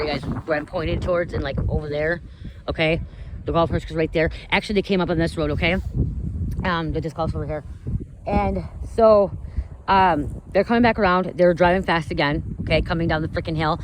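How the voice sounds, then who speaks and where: Walking along a neighborhood street outdoors, a young vlogger films herself on a phone as she rambles through a casual story for her viewers, saying "okay" and "you guys" a lot. Her voice is lowish, and the low-quality recording has a little hiss or hum.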